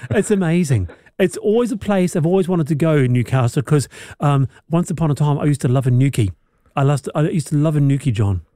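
A man hosting a radio talk show, lively and quick to laugh, speaking into a studio mic. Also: a little high, dry recording. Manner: lively, laughing, repeats words. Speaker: radio host.

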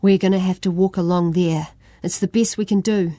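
A woman's voice: lowish voice, steady tone, moderate pace, warm tone, natural voice. A woman reading a young girl's urgent lines in a storybook. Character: girl, urgent and practical.

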